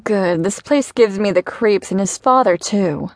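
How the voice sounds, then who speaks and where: A woman voicing an annoyed, brash young woman who talks loudly and swears freely. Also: mid-range voice, measured pace, no echo, clean studio sound, lightly acted. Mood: annoyed, fed up. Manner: loud and blunt, swears freely.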